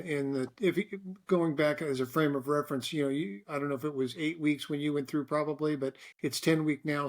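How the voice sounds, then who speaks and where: A middle-aged man hosting an interview, asking long questions with many restarts and fillers. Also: fairly high pitch. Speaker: host and interviewer.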